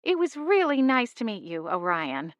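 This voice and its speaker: A kind middle-aged mom winding down after a ten-hour nursing shift, voiced by a woman narrator. She is warm in words and friendly, lifted a little higher than the reader's own voice. The read is dry and close, with no room sound. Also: sing-song, normal speed, no echo. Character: kind tired middle-aged mother, a nurse.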